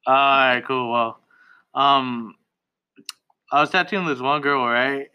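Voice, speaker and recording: A man's voice: mid-range voice, steady tone, slow pace, clear, resonant tone, dull audio. A young man, a tattoo artist guest, telling stories in a casual, profane, laid-back way with lots of laughter. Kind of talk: casual podcast storytelling.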